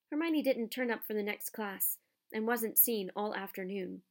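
Woman audiobook narrator, mid-pitched, expressive storyteller. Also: normal speed.

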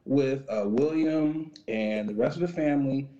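A man co-hosting a casual podcast chat, animated and joking, swearing freely. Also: mid-range voice, moderate pace, lo-fi sound. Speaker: podcast co-host.

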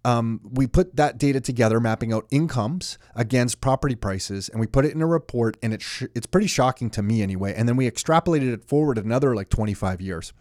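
A man's voice: mid-range voice, animated, fast talker, few pauses, a little mellow, no echo, studio quality. A man co-hosting a podcast, chatting casually with many fillers and restarts. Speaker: podcast co-host.

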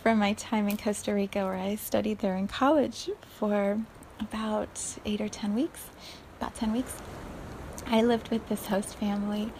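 A woman hosting a reflective spiritual podcast, speaking softly and often near a whisper, laughing now and then. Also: mid-range voice, little pitch movement, slight background noise. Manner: slow, soft, often breathy and near-whispered, with frequent laughs. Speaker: podcast host.

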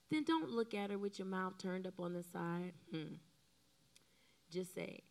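Gravelly-voiced woman preaching. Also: medium pitch, unhurried. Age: middle-aged. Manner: animated, emotional, acts out quoted lines. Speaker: co-pastor. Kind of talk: sermon.

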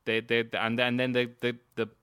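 A man runs a tabletop game, narrating in a rambling way with many fillers and restarts. His voice is bright and clear, with a close, dry sound. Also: mid-range voice, monotone, normal speed, no echo. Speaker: game master.

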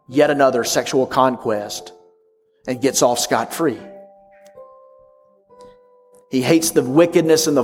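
Guy preaching, big swings loud to whisper, mid pitch, long reverb. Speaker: pastor. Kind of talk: sermon.

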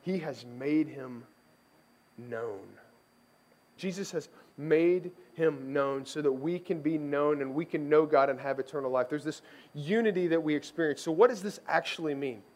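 Pastor, male, young adult; lively, higher-pitched voice, casual sermon storytelling with acted-out quotes. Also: moderate pace. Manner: conversational, animated storytelling, acts out quoted voices.

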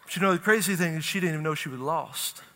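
A middle-aged man, preaching a sermon and telling a story with animated, acted-out dialogue. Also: fairly high pitch, quick pace, background noise. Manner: animated storytelling, acts out panicked dialogue, laughs at own jokes. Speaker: pastor. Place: large church hall. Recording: reverberant church hall.

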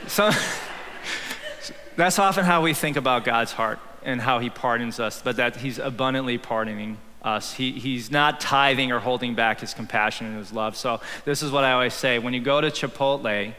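Bright-voiced man preaching in a reverberant hall. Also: medium pitch, brisk, few pauses. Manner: humorous, conversational preaching with bursts of shouting. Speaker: pastor. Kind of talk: sermon. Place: church sanctuary. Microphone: handheld or headset microphone.

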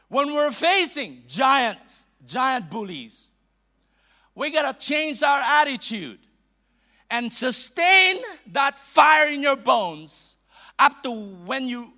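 Filipino man in middle age preaching, high and lively, playful with quick asides. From Philippines. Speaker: bishop preaching. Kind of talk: sermon.

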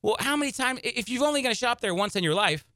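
A man hosting a personal finance radio show, giving emphatic, energetic advice. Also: very high-pitched, rapid-fire, no room sound, studio quality.

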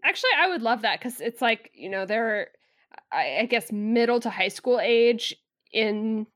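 A woman's voice: a little high, lively intonation, measured pace, fairly bright tone, no room sound, studio quality. A woman co-hosting a podcast in casual chat, chatty and wry with frequent hesitations. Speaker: podcast co-host.

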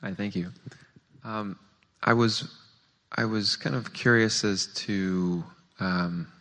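A man's voice: on the low side, steady tone, takes it slowly, fairly bright tone. A man in the audience asking a question hesitantly, with many fillers. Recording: reverberant hall.

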